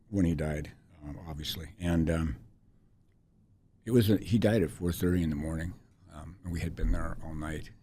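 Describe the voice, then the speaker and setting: A man in his sixties, a podcast guest telling a personal story in a halting, reflective way with many restarts. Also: deep voice, warm tone, a little hiss or hum. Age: 60s.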